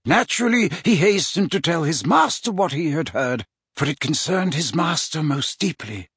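A man voicing a wise elderly male wizard headmaster, speaking in a calm, measured, deliberate way in an audiobook reading. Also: fairly high pitch, husky, no room sound, clean studio sound, voice pushed up, heavily acted. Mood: earnest.

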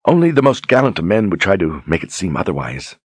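A man voicing a soft-spoken, demure young noblewoman duchess in an audiobook, courteous and flattering. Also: deep voice, fast, husky, no echo, voice pushed up, exaggerated voice. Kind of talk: audiobook character reading.

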